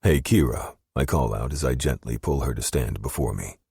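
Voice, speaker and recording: A man reads a first-person romance audiobook with a very deep, husky voice. His delivery is intimate and brooding, recorded dry and close. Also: fairly quick, warm tone, no room sound. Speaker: audiobook narrator.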